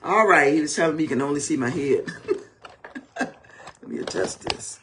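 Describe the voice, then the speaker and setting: A woman's voice: low voice, normal speed, slight background noise. A woman ministering on marriage to camera in a preaching style, emphatic and full of rhetorical questions.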